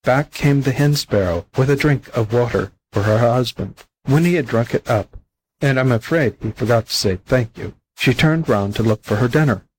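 A man narrates an old fable in a steady, unhurried storybook manner. His voice carries a husky, slightly breathy grain at a middle pitch. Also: rough recording. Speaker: volunteer audiobook reader.

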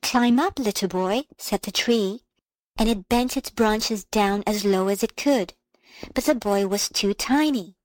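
Calm woman reading a storybook. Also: medium pitch, measured pace, no room sound, low-quality recording.

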